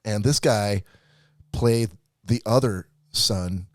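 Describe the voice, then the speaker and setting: A man with a lowish voice rants through a movie review on a podcast, swearing and laughing as he goes. His voice sits close and dry on the mic. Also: slow pace, dry recording. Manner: ranting, profane, laughing storyteller. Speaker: podcast co-host. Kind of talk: casual chat.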